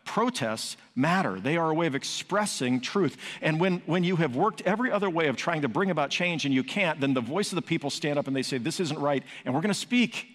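A man's voice: on the high side, animated, a little fast, few pauses, a bit bright. A man preaching a sermon as pastor, emphatic, building to raised peaks and asking rhetorical questions. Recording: long hall reverb.

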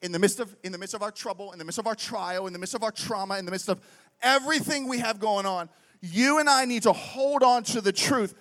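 A young adult man preaching a sermon in an animated, conversational way, telling stories and often asking "right?". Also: sits high, fast. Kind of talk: sermon with storytelling.

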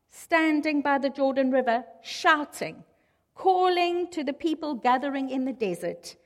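Casting: woman preacher, high voice, lively storyteller, echoing hall. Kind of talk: sermon.

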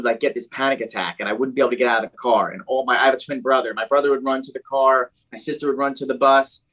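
A man from New Jersey tells his own story at a quick clip, the words tumbling out. His talk rambles and is packed with "like" and "you know". His voice sits at an ordinary middle pitch. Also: fairly bright tone, poor audio. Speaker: guest telling his life story. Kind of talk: casual personal storytelling.

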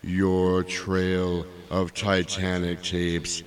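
A man voicing a mournful male ghost in a comedy sketch, with a high, drawn-out wail. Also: monotone. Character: moaning male ghost dragging chains, mournful.

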